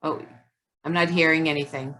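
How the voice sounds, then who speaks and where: A woman's voice: low voice, fairly even intonation, normal speed, a bit bright. A woman co-hosting a casual self-help chat over a video call, reflective and searching, leaning on "like" as she thinks aloud. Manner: reflective, says "like" often. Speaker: co-host.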